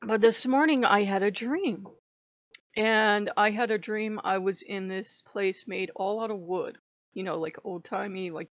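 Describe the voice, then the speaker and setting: A woman's voice: mid-range voice, gravelly, no echo. A woman ranting bluntly and with heavy profanity in a casual vlog, in a dull lo-fi recording. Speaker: vlogger.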